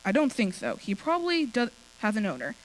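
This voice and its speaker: A woman's voice: fairly high pitch, very animated, brisk, a little hiss or hum, rough recording. A woman reading a story aloud and voicing a stern ranch father with a dry, teasing manner.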